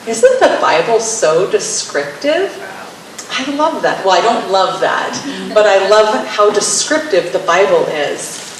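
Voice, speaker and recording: A woman's voice: mid-range voice, lively intonation, slow pace. A woman teaching wives about marriage, wry and playfully sarcastic, often acting out little scenes. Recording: very echoey room, mic far off, faint hiss.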